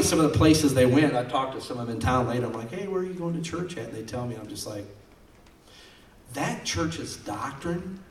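A male pastor preaching a sermon, telling stories in a folksy, conversational way. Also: medium pitch. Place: church sanctuary. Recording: roomy sound from far off.

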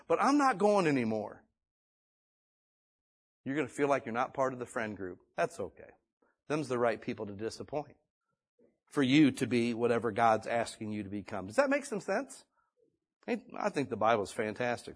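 A male pastor preaching a sermon in a folksy, conversational way, swinging between loud and hushed delivery. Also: mid-range voice, big pitch swings, normal speed, husky. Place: church or meeting room.

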